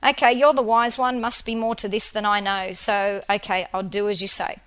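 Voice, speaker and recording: A woman's voice: mid-range voice, flat delivery, moderate pace, fairly bright tone, clean tone, voice pushed down, close to an everyday voice. A woman voicing a frustrated young male pupil who bursts out indignantly. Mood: puzzled. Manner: indignant, exasperated outbursts.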